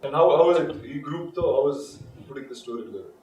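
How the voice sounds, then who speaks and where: A quick-talking man with an Indian English accent leads a relaxed interview and slips Telugu phrases into his questions. He sounds a little away from the mic in a roomy space, with faint noise behind him. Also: medium pitch, distant mic, dull audio. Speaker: host. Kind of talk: casual interview chat.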